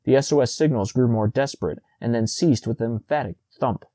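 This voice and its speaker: A man narrating a classic short story as an audiobook, in a measured storytelling manner. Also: medium pitch, warm tone, no echo.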